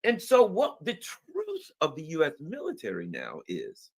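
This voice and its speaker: A man's voice: on the high side, wildly swooping pitch, unhurried, gravelly, breathy edge. A man rambling through political commentary with many restarts.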